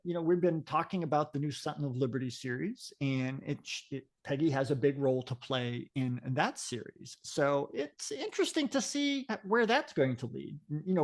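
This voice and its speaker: A man's voice: fairly high pitch, darkish tone. A man co-hosting a comics podcast, talking casually and rambling with lots of fillers and restarts. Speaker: podcast co-host.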